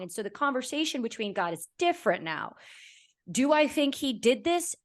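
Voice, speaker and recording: A young adult woman hosting a podcast, talking in an earnest, reflective way that often drifts softer. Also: high voice, big pitch swings, moderate pace. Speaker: podcast host. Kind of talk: heartfelt conversational podcast chat.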